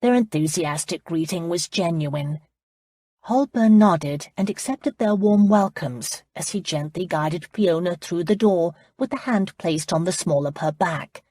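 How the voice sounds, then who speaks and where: A woman narrating an audiobook romance in a steady, even storytelling manner. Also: lowish voice, unhurried, dry recording, studio quality.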